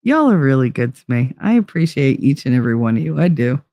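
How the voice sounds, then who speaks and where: A woman hosting a livestream, chatting casually with viewers, profane and animated, laughing often. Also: rumbling low, fast, no room sound. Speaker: livestream host. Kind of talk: casual livestream chat reading viewer messages.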